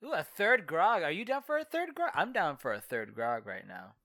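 A woman playing a tabletop game with friends, joking and animated, going soft when comforting another character. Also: low voice, moderate pace. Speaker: player. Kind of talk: casual tabletop play.

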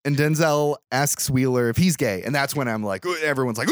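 A man's voice: mid-range voice, brisk, dry recording, studio quality. A man casually retelling a movie scene by scene on a podcast, acting out the characters' lines with loose swearing. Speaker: podcast host. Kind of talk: casual movie recap chat.

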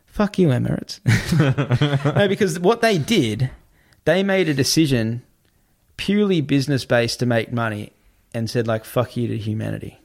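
A man telling a story in casual talk, animated and swearing, acting out what other people said. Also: mid-range voice, a little slow, vocal fry.

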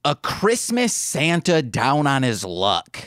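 A man co-hosting a podcast, playful and quick with jokes in casual chat over an internet call. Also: medium pitch, huge pitch swings, fairly bright tone, clean tone, no echo. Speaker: podcast co-host. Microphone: remote call over internet. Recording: dry remote call audio.

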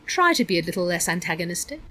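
A woman's voice: fairly low pitch, sing-song, quick pace, fairly bright tone. A woman voicing a stern, prying middle-aged male school principal who lectures and talks down to a student. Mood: exasperated. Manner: lecturing, condescending.

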